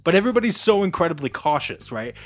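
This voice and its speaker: A man's voice: a little high, sing-song, quick pace. A man hosting a casual podcast, telling a long story with laughs and acted-out quotes. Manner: rambling, laughing, acts out quotes. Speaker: podcast host.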